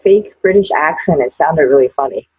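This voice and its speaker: A woman from Taiwan hosting an interview, chatty and expressive as she asks questions. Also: sits low, a little fast, a little hiss or hum. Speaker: host. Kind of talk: casual interview chat. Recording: dull, dry, lo-fi recording.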